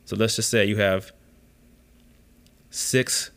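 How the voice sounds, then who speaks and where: A man's voice: lowish voice, fairly even intonation, slow, gravelly, fairly bright tone. A young man hosting a podcast, telling a story in a casual rant, exasperated and full of swearing. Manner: exasperated, profane ranting. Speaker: podcast host.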